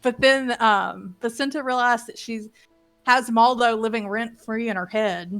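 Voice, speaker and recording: A woman player telling a tabletop game recap in casual chat, lively and swearing freely. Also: fairly high pitch, measured pace, soft background music.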